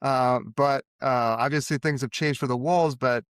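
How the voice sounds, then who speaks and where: A man hosting a podcast in casual chat, easygoing and quick with short affirmations. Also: medium pitch, steady tone, clean tone, no room sound, clean studio sound. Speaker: podcast host.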